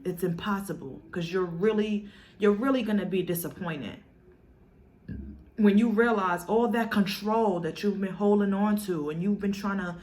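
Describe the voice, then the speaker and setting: Speaking at a moderate pace in a mid-range voice, a woman vlogger opens up to her viewers casually and from the heart. Earnest and emotional, she leans heavily on "you know" and now and then grows tearful.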